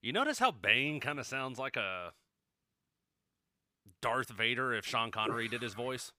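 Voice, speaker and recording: A man's voice: medium pitch, expressive, measured pace, pushed and bright, dry recording, clean studio sound. A man co-hosting a podcast in casual chat, joking and rambling, swearing freely. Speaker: podcast co-host.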